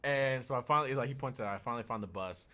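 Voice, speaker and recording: On a casual podcast, a man tells a story very fast in a mid-range voice. He's animated, laughing frequently and swearing a lot.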